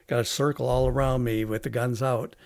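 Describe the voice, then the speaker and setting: A man, a veteran guest on a podcast, telling a long story in a halting way with many restarts. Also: medium pitch, level tone, creaky, no echo, clean studio sound. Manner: halting, with frequent restarts and fillers. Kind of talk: casual storytelling interview.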